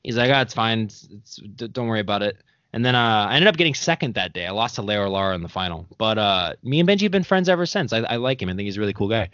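A man's voice: lowish voice, expressive, fast, a bit bright, no room sound. A young man, a podcast host, telling stories in loose casual chat and laughing often between his fillers. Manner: rambling storyteller, laughing often, full of fillers. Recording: dull, dry sound.

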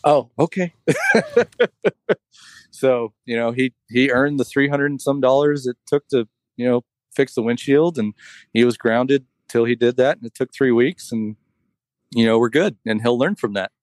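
A man chats casually and rambles through a story, leaning on "like" and "you know" as he goes. His voice sits at a middling pitch. The sound is dry and close. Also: steady tone, normal speed, darkish tone, no room sound. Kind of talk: casual chat.

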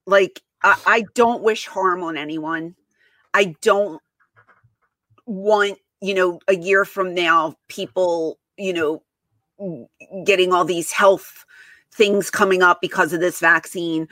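A woman's voice: on the low side, slow, fairly bright tone, no room sound. A woman hosting a podcast in casual chat, talking emphatically with many restarts and repeated words. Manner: emphatic, repeats herself, exasperated. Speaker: podcast host.

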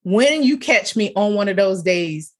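Animated husky-voiced woman telling stories. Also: unhurried. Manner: animated storyteller, laughs often, pitch jumps up for emphasis. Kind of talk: casual faith-based conversation.

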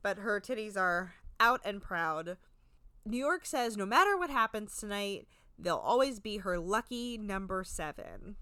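Chatty woman dishing frankly, bright crisp voice, dry close mic. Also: mid-range voice, animated, a little slow, no room sound. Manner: chatty, frank and crude, lots of filler "like". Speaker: podcast co-host recapping a reality show. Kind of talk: casual chat.

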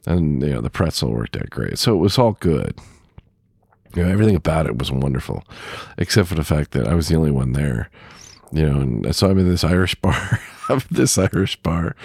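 A man with an extremely deep, gravelly voice talks through a podcast monologue in a loose, rambling way, full of fillers and little chuckles. The voice is husky and sits close and dry on the mic. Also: a little mellow, no room sound. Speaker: podcast host; truck driver. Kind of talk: casual spoken monologue.

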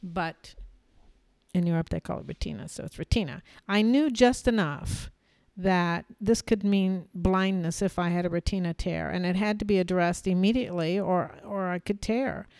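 A lower-pitched woman with a warm, smooth and resonant voice, hosting her own podcast. She tells a personal story at a measured pace, pausing and repeating phrases for emphasis. The close recording is dry, with no room sound. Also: steady tone, dry recording. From United States. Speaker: podcast host.

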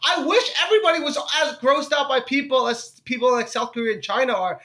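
A man in his thirties talks in a strikingly high, bright, forceful voice. He chats casually and excitably on a podcast, swearing freely and laughing at his own jokes. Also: fast. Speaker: podcast co-host.

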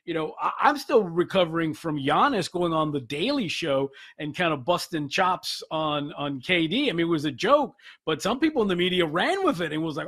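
A man with a high, very lively voice talks sports bets. His pitch swings widely as he acts out quotes in an excitable, chatty way. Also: moderate pace, hardly any pauses, breathy edge. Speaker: sports betting show host. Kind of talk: casual chat.

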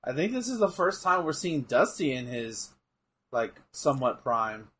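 A man chatting casually and joking while watching wrestling, excitable and quick to laugh. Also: mid-range voice, husky. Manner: jokey, excitable, bursts into loud laughs. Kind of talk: casual watch-along chat.

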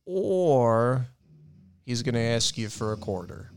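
A man co-hosting a podcast, chiming in with wry, deadpan jokes during casual banter. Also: mid-range voice, moderate pace. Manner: wry, deadpan joking asides. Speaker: podcast co-host.

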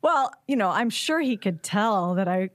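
A woman's voice: medium pitch, expressive, normal speed, dry recording, studio quality. Laughing woman telling a story. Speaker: podcast guest. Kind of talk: casual chat.

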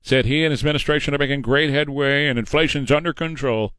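A man's voice: mid-range voice, fairly bright tone, smooth, dry recording. Combative male talk radio host, dry sound. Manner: combative, sarcastic, fast-talking. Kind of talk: political commentary monologue.

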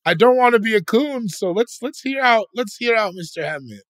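A comedian co-host in a casual podcast chat, pushing back with jokey skepticism. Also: male voice, high-pitched, animated, fairly quick, fairly bright tone, no room sound, studio quality.

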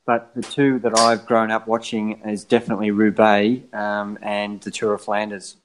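A man's voice: fairly low pitch, monotone, normal speed, rough recording. A middle-aged man, a father who guides cycling tours, speaking as a guest in an earnest, enthusiastic way. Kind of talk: casual conversation.

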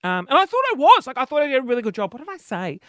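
A woman's voice: high-pitched, sing-song, rapid-fire, a bit bright, no room sound. An Australian woman tells a funny personal story to her listeners in a chatty, self-mocking way. Her voice has a whingy, whiny edge. The recording is close and dry, with no room sound. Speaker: podcast host telling a story. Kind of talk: comic storytelling monologue.

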